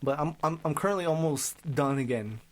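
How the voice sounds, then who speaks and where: A man's voice: a little high, a little fast, poor audio. A man co-hosting a podcast, chatting casually about shows he rewatches, laughing and swearing often. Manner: animated, laughing, quoting movie lines, swears. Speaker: podcast co-host. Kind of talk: casual chat.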